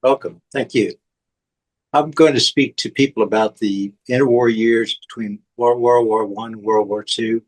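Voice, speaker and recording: A man's voice: medium pitch, fairly even intonation, moderate pace, poor audio. Earnest man outlining his course. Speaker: course instructor. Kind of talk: class preview talk. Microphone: video call.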